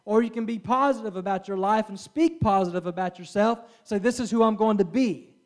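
A man's voice: high voice, fairly quick. A middle-aged man preaching a sermon in an earnest way, often stopping for an amen and restarting his words. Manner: earnest, with frequent amens and restarts.

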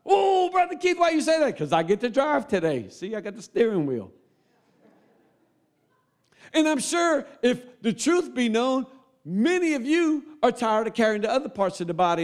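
A man preaching a sermon, folksy and close to tears, swinging between loud appeals and quiet asides. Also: high-pitched.

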